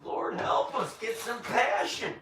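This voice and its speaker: A man delivering a rambling religious monologue. He swings from shouting to muttering and corrects himself as he tells the story. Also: very high-pitched, takes it slowly, slight background noise.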